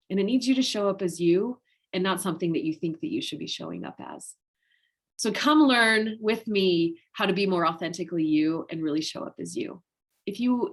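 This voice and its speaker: A woman wellness coach speaking straight to her viewers at the end of an online master class. She is openly emotional and affectionate, and she gushes with enthusiasm about her subject. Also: on the low side. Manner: gushing, enthusiastic. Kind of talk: heartfelt direct-to-viewer talk.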